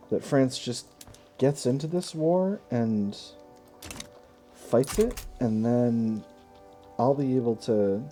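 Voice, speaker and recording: A man commentating his own strategy game session in a relaxed, mellow voice of middling pitch. He muses out loud, corrects himself mid-sentence and drops casual asides. Soft game music plays quietly behind him. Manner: thinks aloud, casual asides and self-corrections. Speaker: gaming video host.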